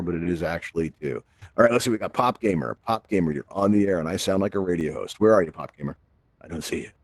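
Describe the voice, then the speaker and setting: Guy running a vr how-to session, talks quick, lowish voice, upbeat and jokey, dry sound. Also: darkish tone, no room sound. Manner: upbeat, jokey step-by-step explaining. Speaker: host and instructor. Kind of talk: live virtual-reality tutorial.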